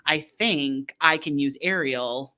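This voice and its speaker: A woman's voice: low-pitched, slow, bright, forceful tone. A woman co-hosting a podcast, recapping a movie in a chatty, sarcastic way with lots of "like.". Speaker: podcast co-host.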